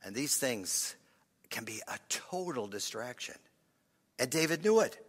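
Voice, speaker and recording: A man preaching a sermon as pastor, halting and repeating words, often dropping his voice to a hushed near-whisper for emphasis. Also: mid-range voice, very animated, husky. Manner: halting, repeats words, drops to a hush for effect. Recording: long hall reverb.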